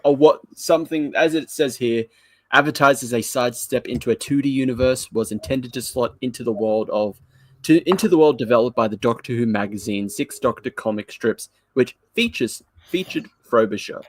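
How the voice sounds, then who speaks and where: A man's voice: mid-range voice, moderate pace, no echo. A man co-hosting a live review podcast, chatting casually with jokes, frequent laughs and loose, rambling sentences. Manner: jokey, laughs often, rambling. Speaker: podcast co-host.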